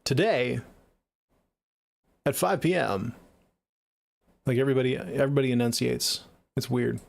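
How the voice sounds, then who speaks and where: Chatting on his livestream, a young Seattle-accented music producer responds to viewers at a measured pace. His voice has a creaky, gravelly edge at a normal pitch, and he swears and jokes in an easygoing, offhand manner.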